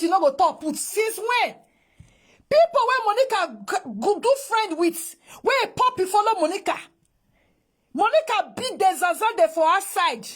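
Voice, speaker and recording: A woman with a Nigerian accent, ranting in exasperated reaction commentary, mixing Pidgin and English. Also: very high-pitched. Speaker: social media commentator.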